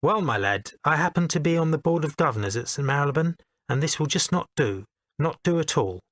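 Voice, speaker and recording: A deep, resonant, plummy voice of a pompous old politician, put on by a man reading his own audiobook. He talks down to people in a slow, grand, patronising way. The sound is dry and close, with no room around it. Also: animated, fairly bright tone, no echo, close to an everyday voice. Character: pompous upper-class older male politician. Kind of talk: audiobook character voice.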